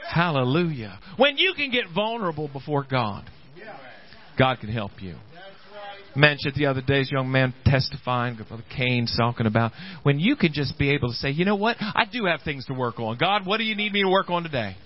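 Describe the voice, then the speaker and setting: A pastor preaching a sermon in an animated, halting way, often acting out the voices of the people he quotes. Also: medium pitch, lo-fi sound.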